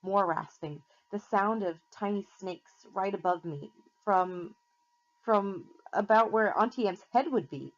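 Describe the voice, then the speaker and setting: A woman teacher reading a novel aloud to her class in a steady, plain storytelling way. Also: mid-range voice, a little slow. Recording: slightly muffled lo-fi recording.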